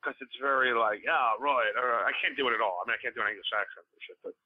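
A man's voice: mid-range voice, no room sound. Man over a tinny phone-like line. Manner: easygoing, chatty, quick to laugh along. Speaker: podcast guest. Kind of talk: casual chat.

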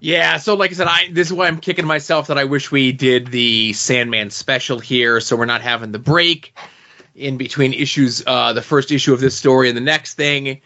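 A man's voice: mid-range voice, steady tone, normal speed, sharp tone, highs cut off. A man co-hosting a podcast, musing casually on a comic series and thinking aloud. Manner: thinks aloud, repeating himself in reflective asides. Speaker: podcast co-host.

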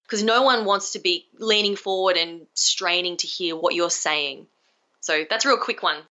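Young woman speaking coach, bright lively voice, acts out examples, muffled lo-fi call sound. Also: on the low side, normal speed. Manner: energetic, demonstrative, acts out example phrases. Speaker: communication skills coach. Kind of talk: podcast interview over video call. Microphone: video call.

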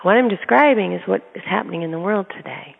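A woman's voice: mid-range voice, fast talker, gravelly, slightly rough. A middle-aged woman, an autism advocate and parent, talking casually through personal stories in an earnest, chatty way, often laughing mid-sentence. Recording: tinny phone-like sound with long reverb.

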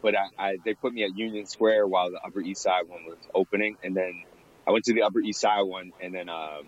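Low, husky young man, rambling. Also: fairly even intonation, fast, highs cut off. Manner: rambling, many fillers, laughs often. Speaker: guest, former bartender. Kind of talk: casual interview chat.

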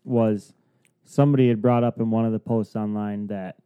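A man's voice: lowish voice, steady tone, normal speed, clear, resonant tone. A man in casual podcast chat, mostly giving short agreeing replies. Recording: tinny phone-like line.

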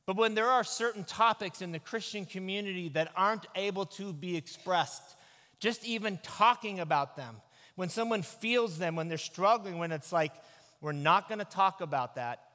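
A man, a pastor, giving an animated, conversational sermon into a microphone. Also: sits high. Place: church sanctuary. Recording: echoey church hall.

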